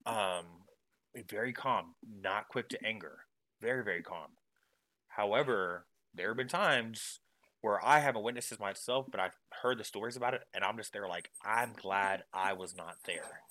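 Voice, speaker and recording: Bright-voiced, joking podcast host. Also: male voice, on the low side, normal speed, dry recording, rough recording. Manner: rambling, self-deprecating, jokey. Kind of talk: casual storytelling chat.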